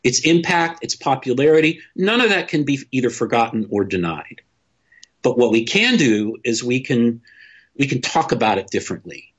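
An opinionated man talks through a casual podcast discussion, blunt and quick to curse, often stumbling over his own restarts. His voice is slightly husky and sits at a middling pitch. The recording is a bit dull and lo-fi. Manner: opinionated, blunt, swears freely, many restarts.

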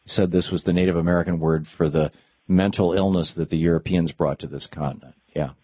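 Male call-in radio host, lower voice, husky, slightly dull dry studio sound, stammers then speeds up. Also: fast, no echo. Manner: animated, stammering restarts, mocking voices. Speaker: radio talk show host.

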